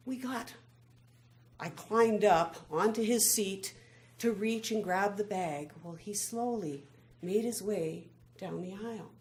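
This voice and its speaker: A middle-aged woman giving a prepared personal speech, telling her story in a slow, measured way with pauses. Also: mid-range voice, a little mellow. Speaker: club speaker. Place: meeting room. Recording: echoey room, faint background noise.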